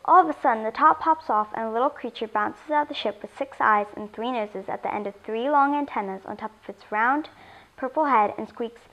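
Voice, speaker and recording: A woman reading a children's story aloud in an expressive storytelling voice. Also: a little high, brisk, muffled recording. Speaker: story reader.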